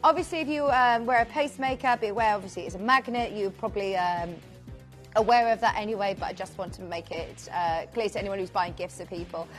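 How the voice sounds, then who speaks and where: A woman's voice: medium pitch, fast, faint music behind. A woman presenting live on a shopping channel, chatty and upbeat, calling out buyers' names. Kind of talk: live TV sales pitch.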